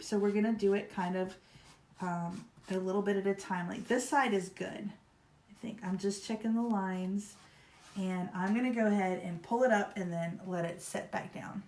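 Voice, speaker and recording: A woman hosts a live craft stream in an easy, rambling way, full of "y'all" and "like." Her voice sits at an ordinary middle pitch. It carries a noticeable room echo. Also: normal speed, darkish tone. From Virginia, US. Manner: chatty, rambling, upbeat, says "y'all" and "like". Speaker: craft livestream host. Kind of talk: casual live craft demo chat. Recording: roomy echo.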